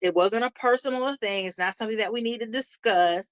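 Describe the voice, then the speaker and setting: A woman's voice: on the high side, fairly quick, dry recording. A woman co-hosting a podcast, telling a family story in casual chat and acting out the people she quotes. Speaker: podcast co-host.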